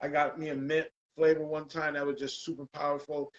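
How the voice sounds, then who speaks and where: Male host, casual, slightly high, dull lo-fi sound. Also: level tone, fairly quick. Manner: laid-back, says "bro" and "man" a lot. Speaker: podcast host. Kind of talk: casual chat.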